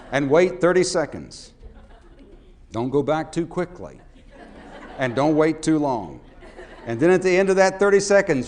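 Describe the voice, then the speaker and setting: Animated man telling stories to an audience. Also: a little high. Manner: storytelling, swings from hushed to loud and animated. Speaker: speaker. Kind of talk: talk to a live audience.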